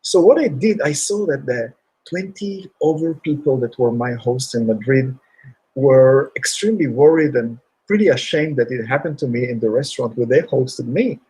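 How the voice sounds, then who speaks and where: A man speaking as a guest, telling motivational stories in an animated way and acting out shouts. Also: mid-range voice, normal speed, husky, low-quality recording. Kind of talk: motivational storytelling.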